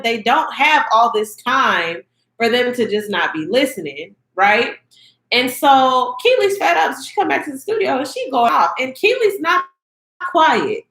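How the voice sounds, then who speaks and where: A woman gives a sassy, emphatic review of a TV episode. Her voice sits high and swings widely in pitch as she repeats her points for effect. The sound carries the echo of a bare room. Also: fairly bright tone. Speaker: TV show reviewer. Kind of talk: casual review commentary.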